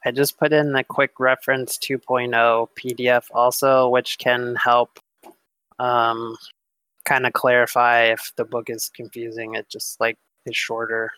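A man's voice: mid-range voice, little pitch movement, measured pace, sharp tone, clear, resonant tone, no room sound, low-quality recording. A man running a tabletop game as game master, talking in a laid-back, casual way with some swearing.

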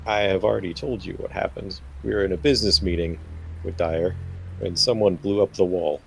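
A man voicing a calm, persuasive male vampire who cuts deals in a tabletop game. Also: sits low, fairly quick, gravelly, a little hiss or hum, rough recording. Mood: scheming. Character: smooth scheming male vampire dealmaker.

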